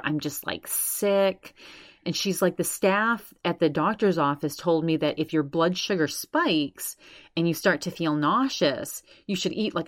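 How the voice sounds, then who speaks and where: A woman's voice: fairly low pitch, dry recording, clean studio sound. A woman podcast host casually recapping another show, constantly quoting with "she's like". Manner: retells others' words with constant "she's like".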